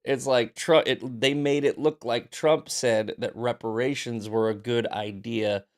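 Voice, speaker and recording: A man's voice: medium pitch, steady tone, unhurried. A man hosting a casual news commentary show, reading headlines with sarcastic, profane asides, just out of bed. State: just woke up. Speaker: host.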